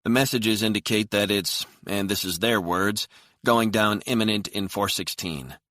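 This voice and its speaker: A man voicing a male computer forensics expert who speaks briskly and emphatically. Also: lowish voice, bright, forceful tone, no room sound, clean studio sound, pitched above the performer's own voice. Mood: urgent.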